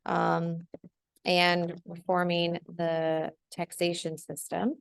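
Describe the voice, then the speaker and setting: Young woman teacher, chatty screen-share walkthrough, low and gravelly. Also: monotone, slow. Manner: chatty, full of ums and "right?". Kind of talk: casual screen-share lesson.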